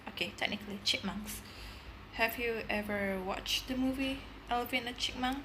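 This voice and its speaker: A young adult woman making a playful home video, introducing each animal sound in an easy, unhurried way. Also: on the high side. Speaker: vlogger. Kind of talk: casual chat. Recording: noisy background hiss.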